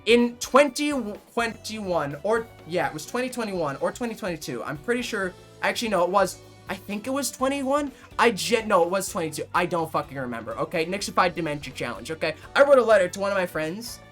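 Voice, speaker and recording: A livestreamer of about nineteen chats casually with his viewers, rambling, swearing and quick to put on fake outrage. His voice sits high and sounds a bit bright.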